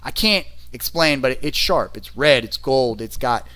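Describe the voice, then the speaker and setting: A man's voice: mid-range voice, lively intonation, moderate pace, sharp tone. A man reviewing wrestling matches in a casual, rambling way, with many restarts and chuckles.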